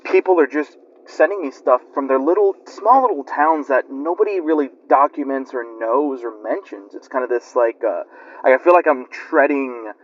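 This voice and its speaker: A man's voice: mid-range voice, moderate pace. A man telling a spooky story in a rambling, chatty way with lots of fillers. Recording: lo-fi muffled recording.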